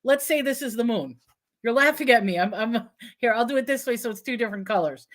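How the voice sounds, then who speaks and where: A woman with a high voice hosts a relaxed live online chat. She talks in an animated way and keeps posing questions. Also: a little fast. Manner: animated, questioning, puts on a cutesy sing-song for props. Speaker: host. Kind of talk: casual live-stream chat.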